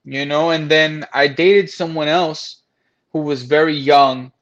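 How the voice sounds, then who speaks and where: A man's voice: on the high side, fairly even intonation, unhurried, fairly bright tone, muffled recording. A man frankly telling a personal story, blunt and profane, acting out what others said. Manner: frank, profane, acts out quoted voices.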